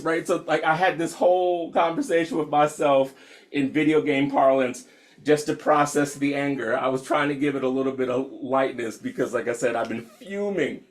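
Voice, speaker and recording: A young adult man from the United States leading an online meditation session, frank and profane, laughing often and calling listeners y'all. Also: on the high side. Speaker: meditation teacher. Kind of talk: casual talk opening an online meditation session.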